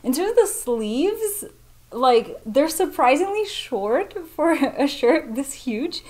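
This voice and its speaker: A woman's voice: high-pitched, very animated, slow, darkish tone. A woman vlogging a sewing project at home, thinking aloud casually with lots of "like" fillers and a self-deprecating manner.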